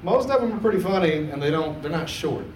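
A man's voice: fairly high pitch, lively intonation, a little fast, a little hiss or hum. A man doing a laid-back, chatty stand-up set on a comedy club stage, laughing at his own jokes. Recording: roomy club sound from a distance.

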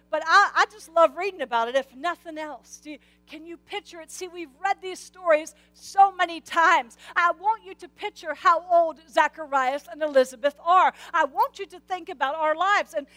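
A woman preaching a sermon in a lively, humorous way, often repeating words as she starts a thought. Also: extremely high pitch, dry recording.

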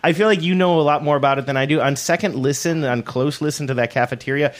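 A man's voice: fairly high pitch, fast talker. A man hosting a podcast, chatting casually and joking about old commercials. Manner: playful, joking. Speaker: podcast host. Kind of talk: casual chat.

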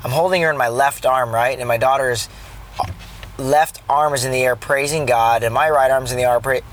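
A man talks as he drives, earnest and rambling, often circling back and restarting a thought. His voice sits at an ordinary middle pitch, and faint road noise hums underneath. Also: steady tone, moderate pace, poor audio. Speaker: father telling his day. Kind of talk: casual storytelling while driving. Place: in a car.

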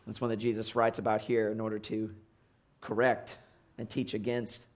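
A man's voice: lowish voice, flat delivery, moderate pace. A man preaching a sermon as pastor, reading scripture and then speaking conversationally, with frequent fillers and restarts.

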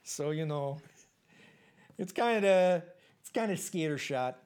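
A performer playing a rambling baby-boomer man in his seventies at an awkward interview, talking haltingly with lots of fillers. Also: animated, a little mellow, smooth. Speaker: interview guest. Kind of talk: improvised comedy interview.

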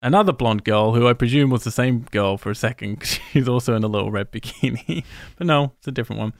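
A man's voice: medium pitch, fast, dry recording, studio quality. Wry man riffing on a film. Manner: wry, sweary, scrubbing through footage while talking. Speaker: podcast co-host. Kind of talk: casual movie commentary chat.

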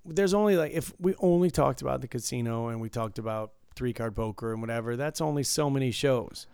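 A man's voice: medium pitch, a little fast, gravelly, a little mellow, clear, resonant tone, dry recording, studio quality. A young man co-hosting a casual podcast chat, easygoing and agreeable. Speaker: podcast co-host.

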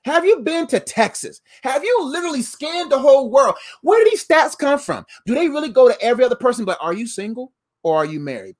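Speaking fairly quickly in a very high-pitched voice, a man gives an easygoing, spirited motivational talk. He plays around, repeats phrases, and keeps calling the crowd "fam."

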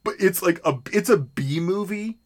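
A man co-hosting a podcast in casual movie-review chat, expressive and playful, often starting with "listen". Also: high voice, moderate pace, a little hiss or hum. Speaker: podcast co-host.

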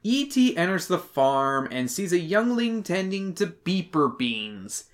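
A man reading out chapter summaries on a casual podcast, breaking off for crude jokes and plenty of swearing. His pitch swings up and down a lot as he talks. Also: sing-song, measured pace. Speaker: podcast co-host. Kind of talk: casual book-review chat.

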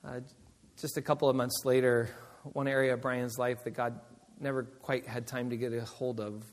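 A man, a pastor, tells stories in a sermon with animated delivery and frequent laughter. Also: medium pitch, moderate pace. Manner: animated storyteller, laughs often. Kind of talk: sermon storytelling. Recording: long reverb of a large hall.

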